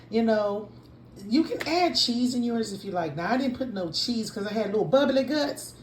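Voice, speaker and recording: A woman's voice: a little high, lively intonation, moderate pace. An older woman chatting playfully through a home cooking video in her kitchen. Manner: chatty, playful, breaks into song. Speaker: home cook vlogger. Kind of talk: casual cooking vlog. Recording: echoey kitchen with cooking noise. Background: cooking sounds, sizzling pan.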